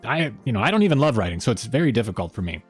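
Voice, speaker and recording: A man's voice: medium pitch, very animated, racing, husky, soft background music. A man hosting a fan channel live stream, chatting in a rambling, friendly way and reading chat messages aloud.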